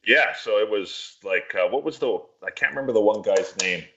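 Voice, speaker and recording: Bright-voiced man telling a profane story. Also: lowish voice, moderate pace, muffled recording. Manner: profane, rambling, animated storyteller. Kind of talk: casual storytelling chat.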